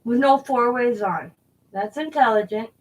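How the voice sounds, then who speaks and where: A woman's voice: on the high side, unhurried, low-quality recording. A middle-aged woman hosting a crafting video, chatting casually as she works and laughing often while she tells stories. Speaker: crafting channel host.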